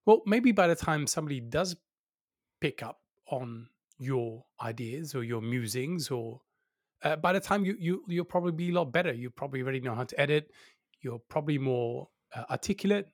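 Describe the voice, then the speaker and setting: A man giving candid advice as an interview guest, lively and laughing, often acting out the doubting voices he quotes. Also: mid-range voice, a little fast, no echo, clean studio sound. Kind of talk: casual interview conversation.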